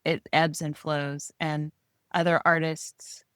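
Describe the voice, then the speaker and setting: A woman's voice: low-pitched, little pitch movement, takes it slowly, fairly bright tone, smooth, no room sound, clean studio sound. A woman co-hosting a podcast about art, speaking in a thoughtful, encouraging way. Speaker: podcast co-host. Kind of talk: casual chat.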